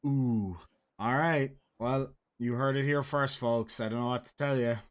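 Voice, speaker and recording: A man's voice: medium pitch, steady tone, normal speed, clean tone. An Irish man hosting a casual livestream chat, joking and teasing his co-host. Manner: joking, teasing, dares and goads. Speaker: streamer host.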